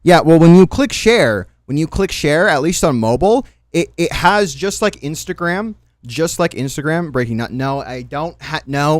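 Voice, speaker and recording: A man's voice: fairly high pitch, normal speed, hardly any pauses, no room sound, clean studio sound. A man hosting a livestream, ranting and joking in a casual, profane way. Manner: profane, animated, rambling rants. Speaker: livestream host. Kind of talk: casual stream commentary.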